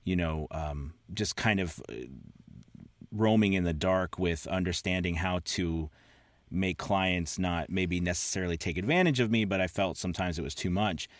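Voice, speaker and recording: Deep-voiced friendly male podcast host. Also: moderate pace, no echo. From Southeast Virginia. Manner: enthusiastic, laughs often, restarts sentences. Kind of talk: casual interview chat.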